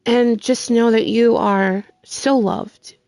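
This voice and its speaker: A woman's voice: a little high, steady tone, takes it slowly, warm tone, no room sound. A woman gaming streamer giving earnest, heartfelt encouragement to her viewers. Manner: earnest, sincere, with faith talk.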